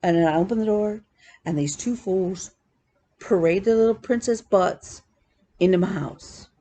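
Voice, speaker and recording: A woman vlogging about her cross-stitch hobby, telling animated, chatty stories with laughs. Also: medium pitch, measured pace, husky. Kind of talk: casual chat.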